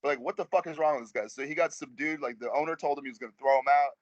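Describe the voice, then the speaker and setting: A man's voice: fairly high pitch, very fast, no echo, highs cut off. A man, a rapper guest, telling a rambling, slangy story in a casual interview over a video call.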